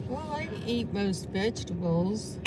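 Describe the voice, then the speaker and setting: A woman's voice: mid-range voice, animated. A woman hosting a livestream from a car, chatting casually and reading comments aloud. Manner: slow, easygoing, reads chat names and messages aloud. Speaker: livestream host reading chat. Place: inside a car on the road. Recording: distant voice over loud road noise.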